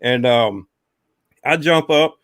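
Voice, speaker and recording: A man's voice: medium pitch, slow pace, a bit bright, dry recording, studio quality. Drawling man telling a ghost story. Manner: rambling, drawling, many fillers. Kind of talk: casual storytelling.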